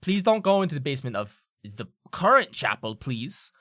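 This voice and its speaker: A game master voicing a stern, weary woman professor in a tabletop game, speaking dryly and deliberately. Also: mid-range voice, big pitch swings, a bit bright, dry recording. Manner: dry, deliberate, exasperated.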